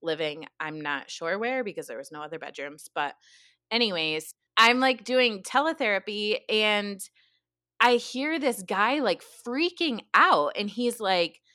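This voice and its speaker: A woman therapist telling a story in casual chat, animated and full of "like", with some swearing. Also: medium pitch, measured pace, no echo, clean studio sound. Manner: animated, heavy use of "like", swears.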